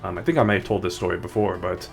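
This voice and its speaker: A man's voice: deep voice, very fast, creaky. A man streaming a game, chatting casually in a rambling way with many restarts. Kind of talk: casual gaming stream chat. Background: faint background music.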